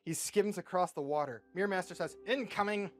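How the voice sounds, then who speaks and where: A young man in deadpan storytelling mode, narrating a comedic superhero movie pitch with profane asides. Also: quick pace, faint music behind. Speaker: host.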